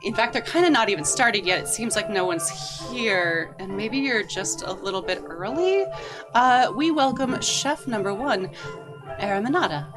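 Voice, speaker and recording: A woman's voice: medium pitch, normal speed, over music. Woman narrating as game master. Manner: relaxed, descriptive narration with fillers. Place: tabletop session with friends.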